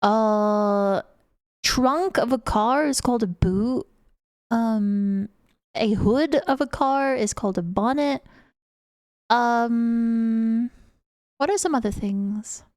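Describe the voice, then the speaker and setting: A woman's voice: on the high side, slow pace, long pauses, darkish tone, smooth, no echo, clean studio sound. A young British woman streaming live, chatting casually and giggling as she greets her viewers. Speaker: VTuber streamer.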